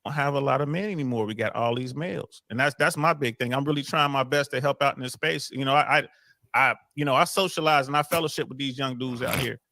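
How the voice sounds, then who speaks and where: A man's voice: mid-range voice, quick pace, bright, forceful tone, no room sound. A man talking casually on a podcast panel, streetwise and full of filler phrases.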